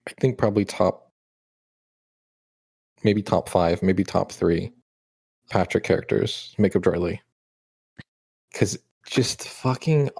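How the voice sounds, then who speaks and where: A man in a casual podcast chat, animated and swearing casually. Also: lowish voice, no room sound. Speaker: podcast co-host.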